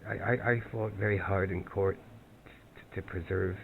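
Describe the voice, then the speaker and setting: Man, lowish voice, halting caller, restarts often; phone-line sound with faint hiss. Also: steady tone, gravelly. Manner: halting, many restarts and repeated words. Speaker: caller seeking help. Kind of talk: telling his story on a phone call. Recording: tinny phone line, faint background noise.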